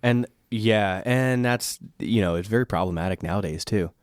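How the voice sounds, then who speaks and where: A man co-hosting a podcast, chatting casually with joking, deadpan asides. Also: fairly low pitch, normal speed, no room sound, studio quality. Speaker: podcast co-host. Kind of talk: casual chat.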